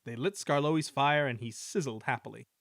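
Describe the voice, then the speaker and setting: A man reading a children's railway story aloud in a measured, expressive way. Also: medium pitch, creaky, no room sound, clean studio sound. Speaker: reader.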